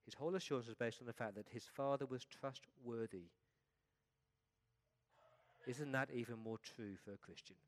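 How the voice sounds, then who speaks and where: A middle-aged man, a pastor, preaching a sermon in an earnest way, often dropping his voice softly at the ends of his points. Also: mid-range voice, moderate pace, long pauses.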